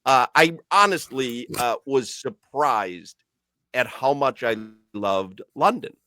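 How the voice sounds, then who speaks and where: An American man hosting sports talk radio, talking casually and jokily with his co-host and guest. He sprinkles in mock British phrases for fun. His voice sits at an ordinary pitch and sounds close and dry in a studio. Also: expressive, slow, bright, forceful tone, no room sound. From United States.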